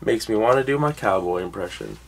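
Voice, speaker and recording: A man's voice: fairly low pitch, very animated, brisk, vocal fry, a little hiss or hum, rough recording. A young man co-hosting a casual movie collection video, teasing his friend with jokes. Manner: teasing, joking banter. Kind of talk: casual chat.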